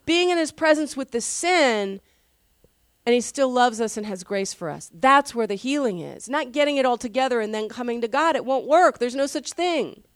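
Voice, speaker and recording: A woman pastor giving a sermon in an earnest, conversational way, often dropping to a soft, quiet voice. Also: a little high, lively intonation, normal speed, no room sound, studio quality.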